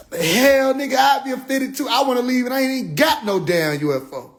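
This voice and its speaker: A man talking on a casual phone livestream, animated and profane, often mimicking others in low mocking voices. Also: fairly quick, hardly any pauses. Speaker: livestream host.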